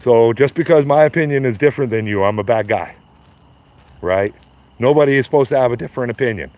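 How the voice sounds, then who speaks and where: A Canadian man in his fifties talks quickly in a mid-range, somewhat mellow voice during a live-stream rant. Blunt and profane, he mocks his critics and laughs at his own jokes. The recording is dry, with slightly dull, lo-fi stream audio.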